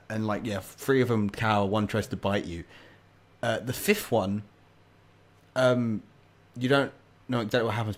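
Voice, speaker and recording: A young man runs a tabletop game in a lowish voice, stumbling through fillers and restarts as he describes the scene. He sounds casual and unrehearsed. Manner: hesitant, many fillers and restarts. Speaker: game master.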